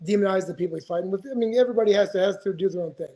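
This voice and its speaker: A man's voice: high voice, very fast, warm tone, low-quality recording. A man in his forties, a retired fighter, telling stories as a podcast guest in a rambling, profane way, full of restarts. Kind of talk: casual storytelling interview.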